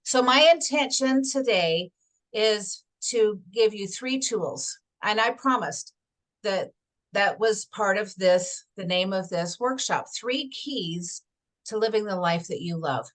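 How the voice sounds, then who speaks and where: A woman's voice: mid-range voice, slow. Enthusiastic woman leading a motivational workshop. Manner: enthusiastic, laughs often. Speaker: workshop host and motivational coach. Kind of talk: motivational workshop talk with storytelling.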